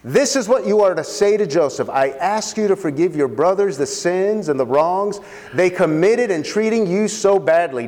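A man with a high, lifted voice preaching a sermon in a church hall with a long reverb tail. He asks the congregation questions and repeats key phrases to drive them home. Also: darkish tone. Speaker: pastor.

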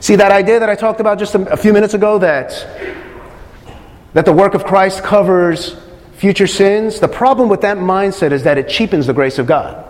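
A man's voice: high-pitched, normal speed, darkish tone, long reverb tail. A man preaching a sermon, emphatic, repeating phrases and putting questions to his listeners.

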